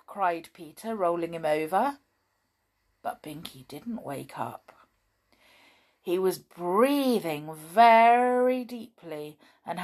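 A woman reading a children's story aloud, gentle and expressive, with chatty asides. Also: mid-range voice.

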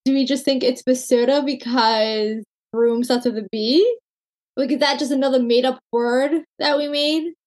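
A woman co-host with a somewhat high voice, chiming in on a casual podcast chat. She reacts with short replies and laughs, then adds her own stories. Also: steady tone, moderate pace, darkish tone.

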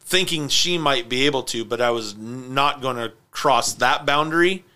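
Bright-voiced man telling a story. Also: medium pitch, moderate pace. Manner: storytelling, animated, laughs often. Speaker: podcast host. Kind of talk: casual chat.

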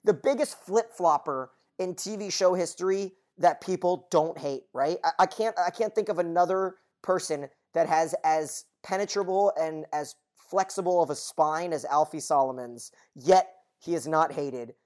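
Fast-talking male podcast co-host. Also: a little high, a little mellow. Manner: rapid, detailed recapping with casual swearing. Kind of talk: casual podcast discussion.

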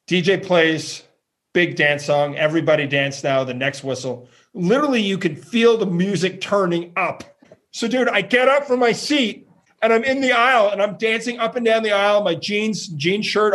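A man from Canada, a professional fan entertainer, telling animated stories in an interview, acting out quotes and laughing often. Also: high voice.

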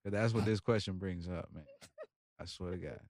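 A man's voice: low-pitched, moderate pace, a little mellow, no room sound, studio quality. A man chatting casually as a guest, laid-back and profane, breaking into laughing asides. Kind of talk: casual chat.

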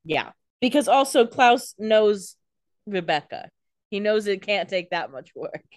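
Woman, podcast co-host, lively pitch, sarcastic quips, dry close sound. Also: measured pace, dry recording. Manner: sarcastic quips and agreeing interjections. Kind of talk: casual chat.

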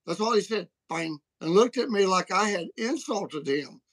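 A man's voice: sits high, expressive, normal speed, no room sound, rough recording. A middle-aged man with a Southern US accent telling rambling, folksy stories as a livestream guest. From Alabama, USA. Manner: folksy, rambling storyteller with restarts. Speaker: guest apologist. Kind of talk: casual livestream chat.

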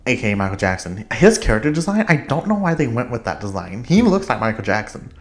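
A young man hosting a podcast in casual chat, excitable and rambling, laughing often and filling pauses with ums and uhs. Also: mid-range voice. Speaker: podcast host.

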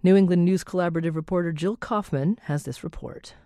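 Mellow-voiced female radio host. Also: on the low side, a little fast, no room sound. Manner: clear, announcing. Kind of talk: radio news presenting.

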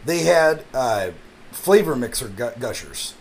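A man's voice: mid-range voice, sing-song, measured pace, creaky. A man co-hosting a podcast, chatting casually, often laughing and swearing as he tells a story. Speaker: podcast co-host. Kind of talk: casual chat.

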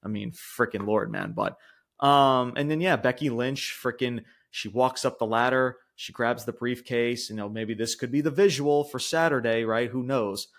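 A man hosting a casual wrestling podcast, talking in long rambling runs full of swearing. He laughs as he goes, and his pitch shoots up when he gets worked up. The delivery is loose and chatty. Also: moderate pace, fairly bright tone. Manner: rambling, profane, laughs often, mimics voices high-pitched. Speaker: podcast co-host.

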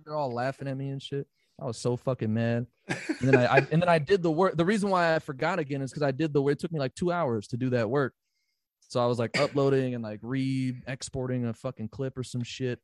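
A man's voice: medium pitch, fast talker, dry recording, clean studio sound. A man in casual podcast chat, telling a story with lots of swearing and acting out his own panicked reactions. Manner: profane, excitable, acts out his own reactions.

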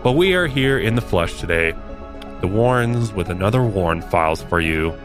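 A man's voice: on the low side, animated, moderate pace, over music. A man hosting a comedy podcast, telling a paranormal story with mock-dramatic flair. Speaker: podcast host.

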